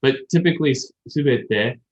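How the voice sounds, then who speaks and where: Male podcast co-host, mid-pitch, chatty and meandering, slightly muffled lo-fi audio. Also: moderate pace. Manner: rambling, explains with many fillers and restarts. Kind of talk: casual chat about learning Japanese.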